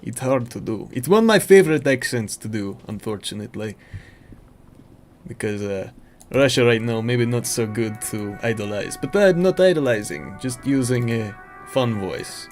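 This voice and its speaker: A man's voice: mid-range voice, expressive, moderate pace, darkish tone, soft background music. A man giving casual, jokey commentary while playing a video game. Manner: playful and jokey, talking over the game. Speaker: gaming streamer. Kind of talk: casual let's-play commentary.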